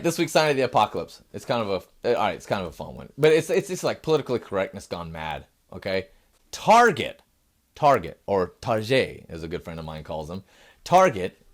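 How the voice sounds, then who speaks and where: A middle-aged man delivers satirical news commentary, and his pitch swings widely from line to line. He acts out little scenes of shoppers and store clerks. Now and then he fumbles a line and starts it again. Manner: animated, acts out quoted shoppers and clerks, fumbles and restarts lines. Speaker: host.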